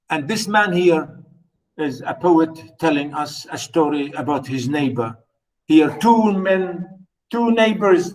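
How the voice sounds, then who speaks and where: A man giving a classroom lecture on poetry, repeating himself and asking the class rhetorical questions. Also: high-pitched. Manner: repetitive, rhetorical questions, many "you know"s. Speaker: literature lecturer. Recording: voice from far off the mic.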